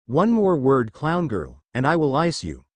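A man's voice: a little high, huge pitch swings, a little slow, no room sound, exaggerated voice. A man voicing a fierce, icy young woman in a story reading, speaking in curt, threatening bursts.

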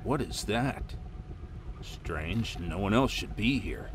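A man voicing a calm, collected male security guard in a horror video game, making dry remarks. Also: on the low side, slow pace, background noise. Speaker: player character in a horror game.

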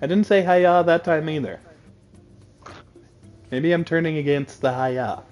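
A man's voice: a little high, a little slow, a little mellow, faint music behind. A man streaming a card game, joking with friends in casual chat. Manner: playful, jokey, bursts into sung theme lines.

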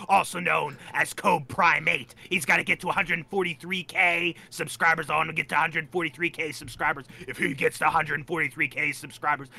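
A man's voice: on the high side, creaky, pushed and bright. A young man chatting casually while showing his game bases, joking in a playful, hyped-up way. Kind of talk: casual gaming chat.

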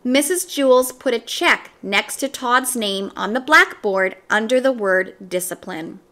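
A woman reading a children's storybook aloud in a gentle, expressive storytelling manner. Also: fairly high pitch, a little slow. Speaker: story reader.

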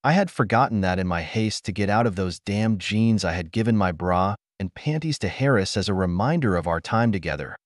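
Brief: male audiobook narrator, lower voice with lively intonation, dry close sound. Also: a little fast, few pauses, no room sound. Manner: first-person storytelling, expressive.

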